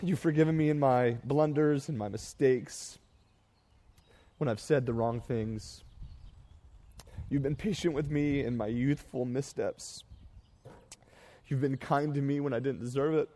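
Pastor with a mellow, emphatic cadence. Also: male voice, mid-range voice. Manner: builds to rising emphatic repetition, then tearful and halting. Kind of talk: farewell sermon.

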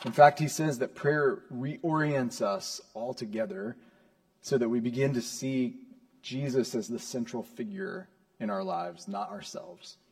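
A man preaching a sermon from the pulpit. His voice sits at an ordinary pitch, and his delivery is earnest, building from measured explanation to emphatic high points. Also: lively intonation, vocal fry. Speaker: pastor.

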